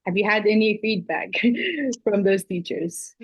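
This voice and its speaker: A woman's voice: medium pitch, unhurried, breathy edge, dry recording. A woman hosting an interview, asking questions in a friendly, appreciative way. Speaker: interview host.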